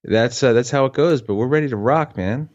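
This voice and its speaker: Chill dude cohost, easygoing slang, kinda dull lo-fi sound. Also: male voice, mid-range voice, a little fast, a little mellow. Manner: laid-back, surfer-style slang, says "man" a lot. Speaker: podcast co-host. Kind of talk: casual chat.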